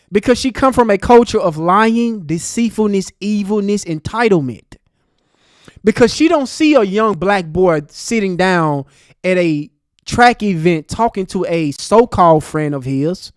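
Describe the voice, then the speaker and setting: A man's voice: sits high, lively intonation, unhurried, clean tone, no echo, studio quality. A man hosting a commentary show, ranting angrily and addressing the person in a news clip directly. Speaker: commentary host. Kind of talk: heated commentary monologue.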